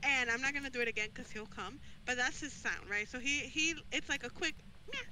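A woman's voice: high voice, fairly quick, crowd noise, rough recording. A woman streaming a ghost-hunting game, chatting casually, giggling often and greeting viewers. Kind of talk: casual gameplay chat.

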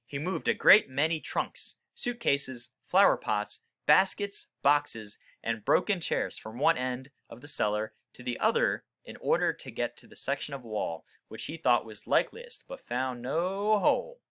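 Lively man reading a book to children. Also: mid-range voice, a little slow, hardly any pauses. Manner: explains words to children, friendly. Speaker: reader for children.

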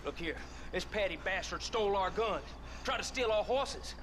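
A man's voice: sits high, animated, moderate pace, fairly bright tone. An actor playing a menacing, sneering male outlaw thug in a video game. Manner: threatening, sneering. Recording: game audio with clear background noise.

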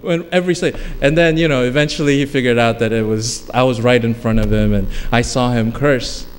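A man's voice: mid-range voice, fairly even intonation, brisk, hardly any pauses. A male pastor preaching a sermon, emphatic and repetitive, slipping into casual storytelling asides. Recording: long hall reverb with faint background noise.

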